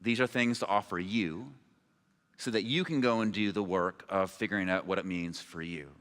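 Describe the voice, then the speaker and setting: A man's voice: low voice, normal speed, fairly bright tone. A man preaching a sermon as pastor, in a conversational, informal way with asides. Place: church sanctuary. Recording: long reverb of a large hall.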